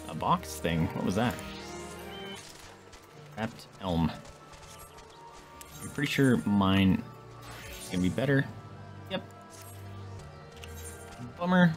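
A man's voice: lowish voice, very animated, slow pace, long pauses, soft background music. A man streaming a game, chatting casually and reacting to what happens. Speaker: gaming streamer. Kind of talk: casual let's play commentary.

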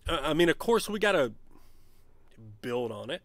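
A man streaming a college basketball management game, chatting casually and shouting gleeful trash talk when his team wins. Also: fairly high pitch, sing-song, normal speed, no echo. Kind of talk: let's play commentary.

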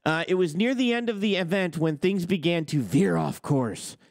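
A man in his forties rants as host, cursing freely and boasting. His pitch leaps and drops with every point he hammers home. The sound is close and dry, with no room around it. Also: animated, normal speed, dry recording. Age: 40s. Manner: blunt, boastful, swears constantly. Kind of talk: heated profane rant.

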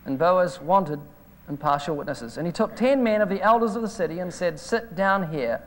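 A man preaches with a high, bright voice, retelling phone conversations with lively energy. His talk rings in the long reverb of a hall, as on an old videotape. It is a sermon with anecdotes. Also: a little fast. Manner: storytelling, animated retelling of phone calls. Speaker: evangelist preacher.

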